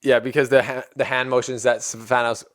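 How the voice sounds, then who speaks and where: A man hosting a casual tennis recap video, chatty and excitable and often breaking into laughter. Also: mid-range voice, fairly quick.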